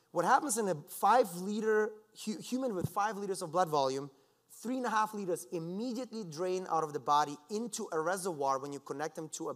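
A man giving a scientific conference talk, lecturing in a lively, conversational way with asides to the audience. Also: fairly high pitch. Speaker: conference speaker. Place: lecture hall.

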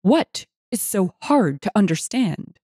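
A woman voices a burly, hot-tempered biker who snarls his demands at full volume. The delivery is gruff and shouty, and the recording is dry and close. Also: mid-range voice, sing-song, slow pace, no echo, full character voice. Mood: snarling. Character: furious burly male biker, loud and rude.

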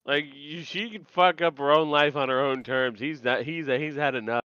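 A man's voice: on the high side, moderate pace, clear, resonant tone. A young man in casual chat, echoing and riffing on his co-host's jokes with a laugh. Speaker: podcast co-host. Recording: muffled lo-fi mic.

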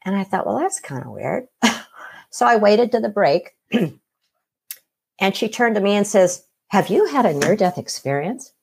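Husky-voiced woman telling a lively story. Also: mid-range voice, measured pace, pauses often. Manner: animated storyteller acting out quoted voices. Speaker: guest telling her near-death experience. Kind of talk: casual storytelling.

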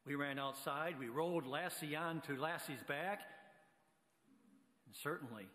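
Slow-spoken preacher in a reverberant church. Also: male voice, fairly high pitch, bright, forceful tone. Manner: unhurried storyteller reading a story aloud. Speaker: guest preacher. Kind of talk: sermon storytelling. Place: church sanctuary with long reverb.

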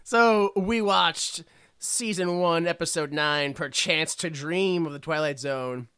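Male podcast host, high bright voice, dry close mic, joking and rambling. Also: clear, resonant tone, no echo. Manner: joking, laughs often, quick rambling asides. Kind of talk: casual comedic podcast chat.

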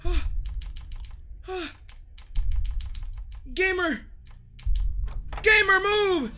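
A man's voice: very high-pitched, lively intonation, extremely slow, pushed and bright. A man giving panicky horror game commentary, screaming, cursing and taunting the monster as he plays. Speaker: gaming channel host.

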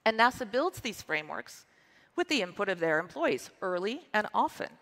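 A woman's voice: medium pitch, sing-song, moderate pace, a bit bright. Upbeat female keynote presenter, forties, emphatic delivery, large hall reverb. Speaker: conference presenter. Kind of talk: scripted conference keynote.

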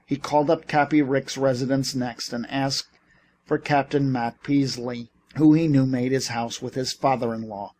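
A man narrating a novel as an audiobook reader. His delivery is steady and even, at an ordinary middle pitch. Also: moderate pace. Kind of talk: scripted narration.

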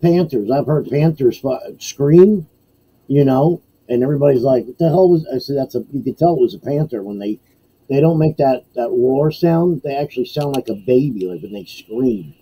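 A man from Florida chatting casually on a podcast in a folksy, animated way. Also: mid-range voice, fairly quick, husky, low-quality recording. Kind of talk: casual live-stream chat.

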